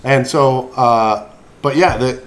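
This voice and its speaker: A man's voice: medium pitch, slow. A man hosting a casual chat, telling rambling stories and laughing often. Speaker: podcast host.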